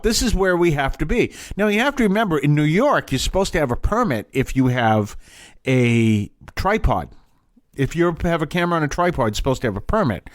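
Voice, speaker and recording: A man's voice: fairly high pitch, no room sound, clean studio sound. A man hosting a podcast, telling stories in a casual, rambling way with restarts and chuckles. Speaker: podcast host. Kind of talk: casual storytelling.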